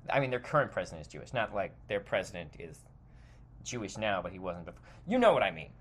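A man hosting a podcast in a heated opinion monologue, swearing often. His pitch jumps and swings widely as he goes. He loses his thread, restarts and rambles on. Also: very animated, quick pace, slightly rough. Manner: heated, profane ranting; self-interrupting and rambling. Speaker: podcast host.

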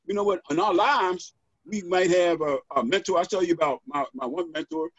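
A middle-aged man talking as a podcast guest and author, animated and preacherly, checking in with "right?" as he goes. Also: high-pitched, brisk, no echo. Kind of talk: motivational podcast conversation. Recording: dull, dry lo-fi audio.

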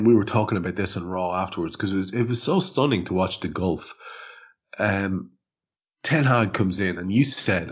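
A man hosting a football podcast, chatting in a rambling, animated way with frequent restarts and the odd swear word. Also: low voice, slightly rough. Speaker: podcast host. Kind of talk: casual podcast chat. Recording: muffled lo-fi podcast audio.

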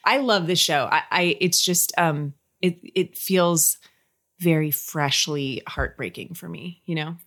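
Woman, interview guest, low voice, chatty, gushing, halting restarts. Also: fairly bright tone. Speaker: actress and guest. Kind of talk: casual interview. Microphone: podcast microphone.

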